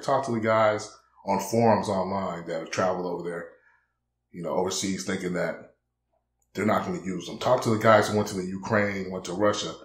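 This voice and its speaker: A male vlogger with a lowish voice delivers a blunt, preachy yet casual monologue in an echoey room. He keeps saying "man" and acts out conversations he's quoting.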